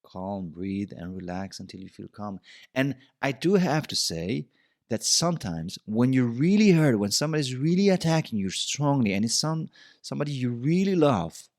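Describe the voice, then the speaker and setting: A man's voice: mid-range voice, a little mellow, no room sound, clean studio sound. Man musing on relationship advice. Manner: reflective, repeats himself, casual. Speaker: podcast host.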